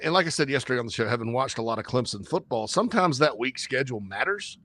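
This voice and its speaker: A man co-hosting a casual sports talk show, rambling and joking with sudden jumps in pitch. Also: lively intonation, quick pace, bright, forceful tone, no echo.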